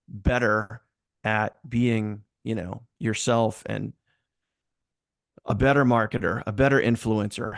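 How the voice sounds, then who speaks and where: A man's voice: mid-range voice, gravelly, clear, resonant tone, dry recording, clean studio sound. A man hosting a casual, filler-heavy motivational talk about working harder in business. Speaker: host.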